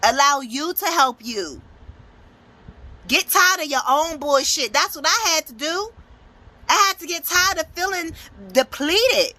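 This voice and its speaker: A woman's voice: high-pitched, animated, measured pace, sharp tone. A young adult woman giving a blunt, profane, emphatic motivational tarot reading. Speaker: motivational speaker and tarot reader.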